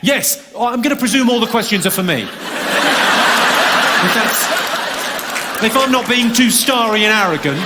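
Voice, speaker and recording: High-voiced stand-up comedian in a hall. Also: male voice. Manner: deadpan, quick delivery with crowd work. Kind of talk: stand-up routine. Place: large theatre stage. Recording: live hall recording with crowd noise.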